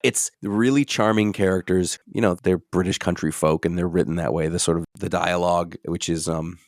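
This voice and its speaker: A man's voice: sits low, steady tone, fairly quick, dry recording, clean studio sound. A tired, sick man co-hosting a podcast, chatting in a wry, casual way. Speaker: podcast co-host. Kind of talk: casual chat.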